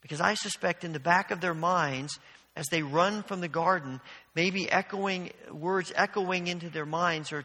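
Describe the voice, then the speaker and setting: High-voiced, bright male pastor preaching. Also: moderate pace, big-room sound. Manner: earnest, storytelling, with frequent restarts. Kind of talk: sermon.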